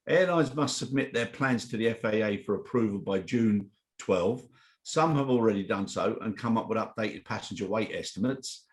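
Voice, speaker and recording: A middle-aged man co-hosting a casual chat show, reading out news and telling anecdotes in a chatty way. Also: lowish voice. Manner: chatty, storytelling, reads news headlines aloud. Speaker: co-host of a weekly chat show.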